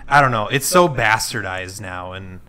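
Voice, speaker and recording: A young man hosting a casual podcast chat, ranting animatedly with lots of fillers. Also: on the low side. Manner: animated, ranting, quick bursts with many fillers. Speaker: podcast host.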